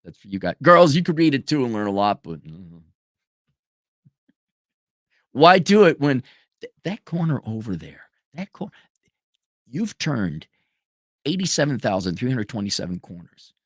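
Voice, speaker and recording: A sarcastic man rants on a commentary stream, his pitch leaping up and down as he swears and mocks. His voice is dry and close, with no room sound around it. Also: sing-song, moderate pace, no echo. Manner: profane, sarcastic, swings into mocking voices. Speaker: commentary show host. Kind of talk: livestream rant commentary.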